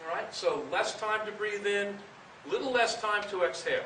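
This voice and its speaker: A high-voiced man directs a band's breathing warm-up, explaining, then calling out counts firmly. He sounds distant from the mic in a big echoey rehearsal room, with hiss underneath. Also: normal speed. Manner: calls counts loudly and firmly, explains between sets. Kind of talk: instructional coaching with counted exercises. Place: large rehearsal room with a band.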